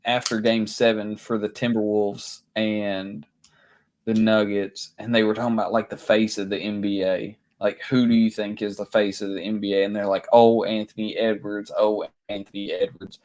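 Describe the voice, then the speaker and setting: A man in his thirties co-hosting a sports podcast, easygoing and quick to laugh as he tells stories. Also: fairly low pitch, flat delivery, a little mellow. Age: 30s. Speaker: podcast co-host. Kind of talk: casual sports chat.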